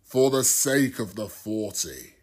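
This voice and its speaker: A man voicing a male deity who speaks in firm, measured declarations. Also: fairly low pitch, very animated, darkish tone, exaggerated voice. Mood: solemn.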